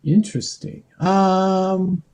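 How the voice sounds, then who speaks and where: A man being interviewed on a podcast, telling rambling, animated stories. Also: high voice, takes it slowly. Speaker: podcast guest. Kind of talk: casual interview.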